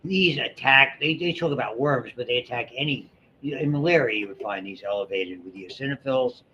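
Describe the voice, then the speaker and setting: A man's voice: mid-range voice, brisk, sharp tone, slight background noise. Chatty male biology lecturer, dull recording. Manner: chatty, digressive, many restarts and asides. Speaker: biology instructor. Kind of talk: classroom lecture. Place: lecture classroom.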